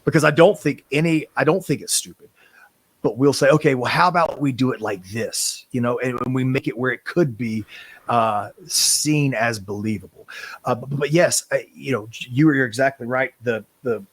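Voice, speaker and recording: Man, wrestler guest, passionate rambler, mid-pitch, dry close recording. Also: normal speed, no room sound. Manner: impassioned, rambling with restarts and swearing. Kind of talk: casual interview talk.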